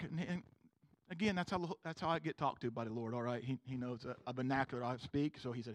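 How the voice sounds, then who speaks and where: A man's voice: medium pitch, quick pace, dry recording. A man preaching a sermon to his congregation in a casual, slangy way, often asking them to agree with him. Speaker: pastor. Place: church room with a congregation.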